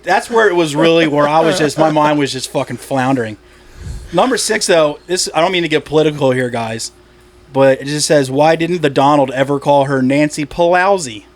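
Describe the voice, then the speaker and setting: A man, a stand-up comic from Delaware, chatting on a podcast in a rambling way, laughing at his own jokes and swearing casually. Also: on the high side.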